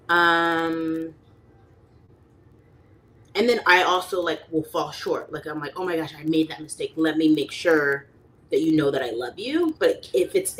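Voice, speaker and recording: A woman's voice: low voice, a bit bright. A young adult woman hosting a livestream, chatting casually and rambling with lots of fillers, reading chat and acting out quoted people.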